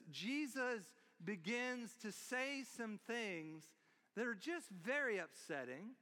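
High-voiced, bright pastor preaching in a church. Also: male voice. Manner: storytelling, joking asides. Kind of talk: sermon. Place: church sanctuary. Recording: long reverb of a church hall.

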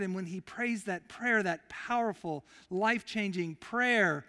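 Male preacher, high and bright, slow emphatic storyteller, recorded in a reverberant sanctuary. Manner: emphatic storytelling, swinging from loud to very quiet. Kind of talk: sermon. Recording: long reverb of a large hall.

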